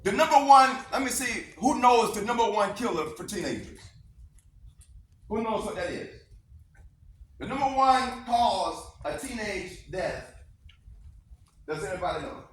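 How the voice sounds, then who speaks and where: A man's voice: sits high, expressive, a little slow, pauses often, fairly bright tone. A man giving a motivational speech to students in a classroom, emphatic and repetitive, leading call-and-response. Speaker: motivational speaker. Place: school classroom. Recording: echoey classroom from far off, faint noise.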